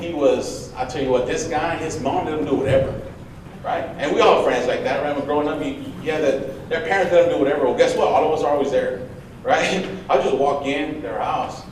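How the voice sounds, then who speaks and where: A man's voice: a little high, fairly quick. Male school speaker, storytelling, echoey big room, distant mic, audible noise. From United States, of Mexican parents. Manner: lively storytelling, acts out his mom. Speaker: bullying prevention speaker. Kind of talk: motivational school talk with stories. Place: large echoey room before an audience. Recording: echoey room, picked up from far off, noisy.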